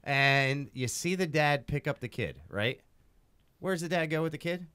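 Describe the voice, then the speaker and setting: A man co-hosting a podcast, telling a story in casual, profane chat that swings from loud outbursts to low asides. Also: animated, unhurried, smooth, no room sound. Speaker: podcast co-host. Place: podcast studio.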